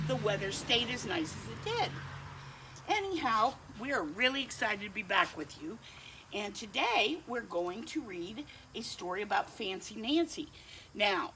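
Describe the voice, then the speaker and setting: A woman reads a children's picture book aloud at an unhurried pace. Her pitch climbs and dips playfully. She pauses to chat kindly with her dog between pages. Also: a little hiss or hum. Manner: slow, lively, kindly reading with asides to a pet dog. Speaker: storytime reader.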